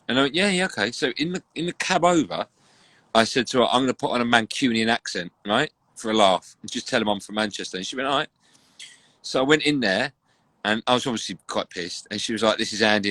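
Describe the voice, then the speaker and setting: A man's voice: fairly low pitch, pushed and bright, no room sound. Joking man, dry sound. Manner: jokey storyteller, brisk anecdotes. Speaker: radio host. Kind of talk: casual live-stream chat. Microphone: online live video call.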